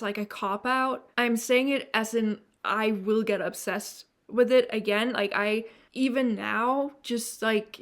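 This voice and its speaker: Young woman vlogging, half european half american accent, rambly and blunt, lots of restarts. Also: medium pitch. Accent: mix of non-native European and American. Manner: rambling and frank, with many restarts and swearing; fast s sounds she dislikes. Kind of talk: candid to-camera vlog.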